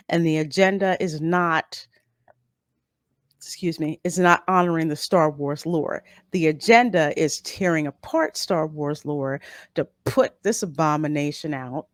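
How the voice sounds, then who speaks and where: Woman, low voice, blunt opinionated live-stream host, dry close sound. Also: no echo. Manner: blunt, opinionated, emphatic repetitions. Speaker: YouTube channel host reading live chat. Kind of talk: casual live-stream review commentary.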